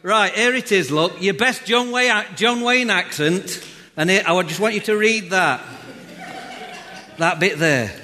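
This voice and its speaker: Unhurried pastor, jokey. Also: male voice, high-pitched, bright, forceful tone. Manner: chatty, jokey, talks straight to the congregation. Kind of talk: sermon. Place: church hall. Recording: reverberant hall.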